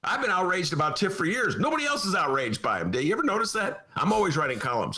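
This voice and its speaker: A man's voice: high voice, very animated, fast talker, few pauses, pushed and bright. A man with a Chicago accent hosting a podcast, ranting with theatrical mock outrage about local politics. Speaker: podcast host. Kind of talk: comic political rant. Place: home studio.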